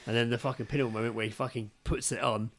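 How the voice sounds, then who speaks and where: Young guy, podcast co-host, excitable and sweary, mid-pitched voice. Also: rapid-fire, slight background noise. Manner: excitable, heavy swearing, retells scenes with acted quotes. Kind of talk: casual chat.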